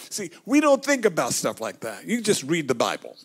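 High-voiced preacher leading a congregation. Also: male voice, huge pitch swings, moderate pace, slightly rough. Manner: storytelling, acts out the scripture; leads call and response. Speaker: bishop preaching. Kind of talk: sermon.

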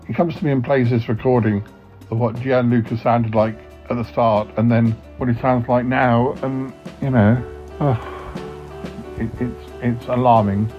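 A man's voice: mid-range voice, steady tone, unhurried. A man hosting a podcast, playing himself in a comedy sketch and talking in a hesitant, stammering way. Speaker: podcast host. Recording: dull lo-fi sound, faint music.

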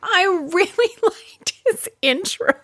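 A woman co-hosting a podcast, chatting casually and giggling as she recaps a dating show. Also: slow. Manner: chatty, giggly, animated swoops in pitch. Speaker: podcast co-host.

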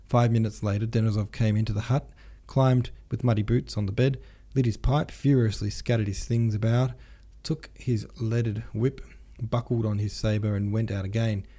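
Low, mellow male audiobook narrator. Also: fairly even intonation, normal speed, few pauses. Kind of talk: audiobook reading of a classic novel.

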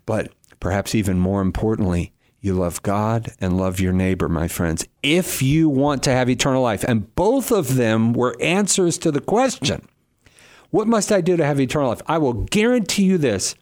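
A middle-aged man, a guest on a radio talk show, explaining Bible passages in a lively way and acting out quoted speakers. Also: medium pitch, normal speed, hardly any pauses, no echo, clean studio sound. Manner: animated, acts out quoted speakers. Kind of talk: casual talk on Bible teaching.

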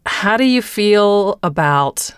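A woman hosting a podcast, asking interview questions in a measured way, with thinking pauses. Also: medium pitch, animated, clear, resonant tone, dry recording, studio quality. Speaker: podcast host.

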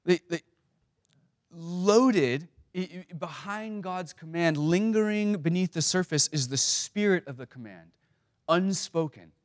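A man's voice: sits high, animated, unhurried. A man giving a sermon as a pastor, speaking conversationally with many stammered restarts and fillers.

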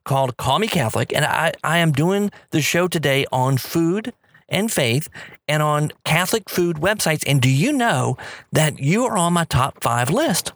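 A man imitating an excited woman radio host who talks in a breathless, gushing way. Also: fairly high pitch, measured pace, dry recording. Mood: thrilled.

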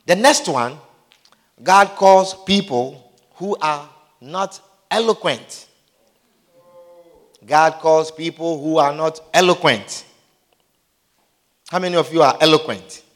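A man's voice: a little high, slow pace, pauses often, fairly bright tone. A male preacher giving a sermon, repeating his points and often asking the congregation whether they understand. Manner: repeats lines and asks the crowd if they understand. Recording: long hall reverb.

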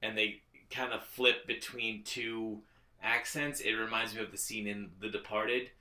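A man with a bright, forceful voice talks loosely about a film, stringing thoughts together with plenty of fillers. His speech rings in a roomy, echoey space. He sounds like a podcast co-host in casual chat. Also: fairly low pitch, steady tone, measured pace. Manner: rambling, filler-heavy, slips into mock voices.

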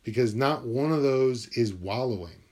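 A man's voice: mid-range voice, animated, moderate pace, a little mellow, breathy edge. Man, solo monologue, meandering, musing, swears, recorded in his room. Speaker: vlogger.

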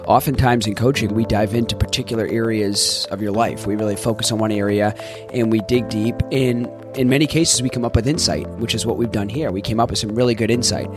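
A male life coach and podcast host explaining his approach in a calm, explanatory way. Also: fairly low pitch, brisk, music in the background.

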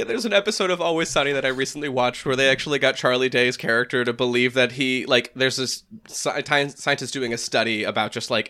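A man's voice: medium pitch, pushed and bright. A young man from New Hampshire with a New England accent, chatting casually and laughing at himself. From New Hampshire, USA. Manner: rambling, laughs often, self-mocking. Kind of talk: casual chat.

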